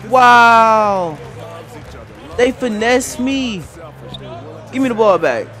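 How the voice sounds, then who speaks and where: A young man commentating live on his own basketball video game, excitable and trash-talking at the screen. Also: very high-pitched, a little slow. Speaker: gaming commentator. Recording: game music and crowd noise faintly behind. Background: faint game music and arena crowd.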